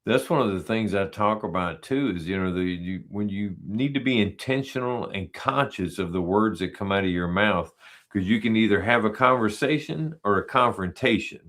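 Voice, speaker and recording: Low-voiced joking male podcast host. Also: moderate pace, a bit bright. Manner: joking storyteller, laughs at his own stories. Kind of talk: casual conversational interview.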